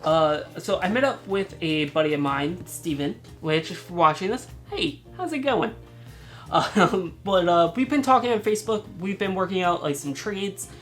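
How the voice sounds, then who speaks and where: A woman with a fairly low voice hosts a casual haul vlog, showing off her thrift finds. She talks in a chatty, rambling way, laughs often and restarts her words. Faint music plays behind her. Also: lively intonation, moderate pace.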